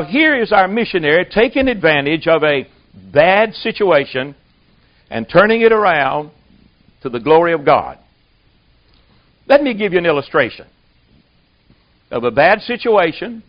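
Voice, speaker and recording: Man preaching a folksy sermon. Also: a little high. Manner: folksy storytelling. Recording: dull lo-fi recording.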